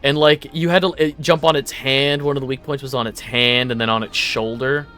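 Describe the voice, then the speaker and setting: A man giving casual let's play commentary, rambling excitably and swearing casually. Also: medium pitch, brisk, soft background music. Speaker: gaming YouTuber.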